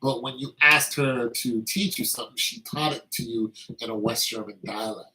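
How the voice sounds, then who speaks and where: A man's voice: mid-range voice, moderate pace, sharp tone, low-quality recording. A man talking in a casual, meandering monologue, telling anecdotes with lots of fillers.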